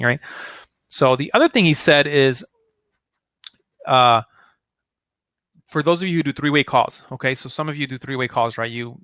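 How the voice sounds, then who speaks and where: A network marketing trainer gives a casual, chatty sales talk full of fillers, acting out sample phone lines. His mid-range voice has a sharp tone, with no echo.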